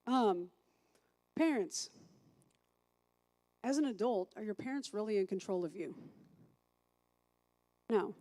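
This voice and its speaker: A woman's voice: mid-range voice, animated, slow pace, long pauses, warm tone. A woman teaching a recovery class as a sponsor, chatty, thinking aloud and asking the group questions.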